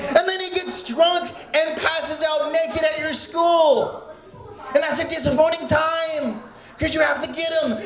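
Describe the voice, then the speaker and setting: A young man doing stand-up at a small open mic, loud and shouting his punchlines. His voice sits very high and sounds bright and sharp. The room around him is echoey. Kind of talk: stand-up set.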